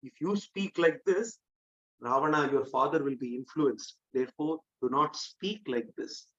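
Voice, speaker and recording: A man's voice: fairly high pitch, measured pace, fairly bright tone, highs cut off. A man voicing a wise royal counselor who admonishes and pleads earnestly. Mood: admonishing. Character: stern wise middle-aged male royal counselor.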